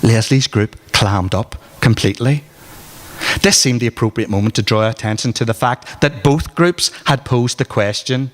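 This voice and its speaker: A man's voice: medium pitch, moderate pace. A man with a Northern Irish accent reading aloud from his memoir at a book launch, in a dry, wry storytelling manner. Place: arts centre hall at a book launch. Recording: reverberant hall.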